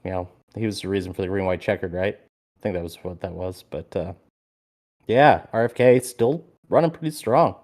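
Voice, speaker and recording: A man co-hosting a podcast in casual chat, telling a story with animated energy and plenty of swearing. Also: low voice, normal speed. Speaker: podcast co-host.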